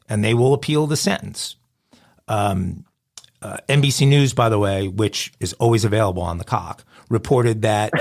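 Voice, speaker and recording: A man hosting a crime news podcast, reading headlines in a conversational, wry way. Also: medium pitch. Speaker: host.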